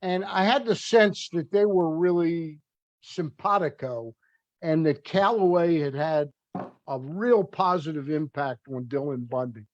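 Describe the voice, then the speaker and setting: A man's voice: on the high side, a little slow, dry recording. A man hosting a sports talk interview, asking long, rambling questions with fillers. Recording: dull, dry audio.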